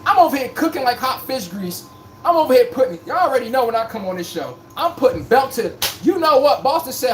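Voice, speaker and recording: A man's voice: extremely high pitch, sing-song, brisk, slight background noise. A man hosting a live sports stream, talking in a joking, rambling, slangy way. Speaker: livestream sports podcast host. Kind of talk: casual live-stream chat.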